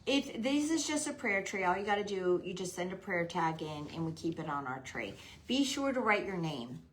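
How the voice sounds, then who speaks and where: A woman hosting a live craft stream, chatting softly to viewers by name and gushing over the decorations. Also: on the low side, sing-song, moderate pace, a little hiss or hum, rough recording. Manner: hushed, half-whispering. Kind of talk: casual live-stream chat.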